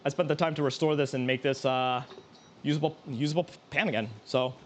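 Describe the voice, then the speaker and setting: A man's voice: mid-range voice, fairly even intonation, a little fast, slight background noise. A man who streams himself cooking, chatting casually in a rambling, self-mocking way and laughing often. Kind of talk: casual live-stream chat while cooking.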